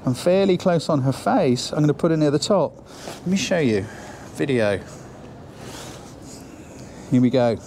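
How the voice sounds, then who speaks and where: A man's voice: a little high, animated, a little slow, long pauses, warm tone, a little hiss or hum. A man teaching photography on a shoot, chatty and encouraging, thinking aloud as he works. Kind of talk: on-location photo lesson. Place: outdoors then inside a building on a shoot.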